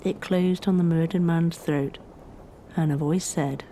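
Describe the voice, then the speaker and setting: Mellow woman narrating history. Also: deep voice, fairly even intonation, slight background noise. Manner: measured storytelling.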